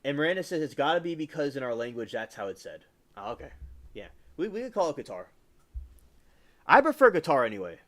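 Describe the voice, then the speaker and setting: A man's voice: mid-range voice, sing-song, quick pace. Rambling man hosting a livestream. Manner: rambling, reads chat aloud and answers viewers. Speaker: livestream host. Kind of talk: casual livestream chat.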